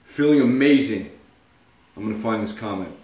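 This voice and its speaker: A man's voice: on the low side, normal speed. A young man giving blunt, profane motivational talk in a casual self-help vlog. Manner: blunt, profane, animated storytelling. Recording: echoey room.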